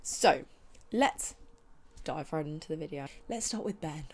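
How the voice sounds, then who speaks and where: A young woman with a low-pitched voice chats loosely into her podcast mic. She rants bluntly, with plenty of slang and animated swings between loud outbursts and muttered asides. She sounds loose and chatty after a boozy brunch. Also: measured pace. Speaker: podcast host. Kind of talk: casual chat.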